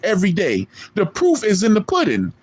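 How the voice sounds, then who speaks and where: A man's voice: high-pitched, wildly swooping pitch, moderate pace, slightly rough. A man, streaming a boastful, profane callout rant at a rival in street slang. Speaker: online streamer.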